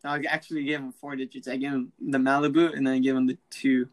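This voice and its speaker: A teenage boy hosting a casual podcast, telling a prank story in an excitable, laughing, slangy way and acting out the voices. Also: medium pitch, fast, low-quality recording. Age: teens. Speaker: podcast host.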